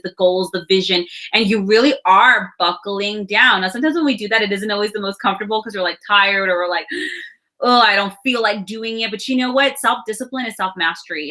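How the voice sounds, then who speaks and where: Bright-voiced woman giving a tarot reading. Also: mid-range voice. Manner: chatty, reassuring, laughs and sighs between thoughts. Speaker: astrology and tarot reader. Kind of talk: casual spiritual reading.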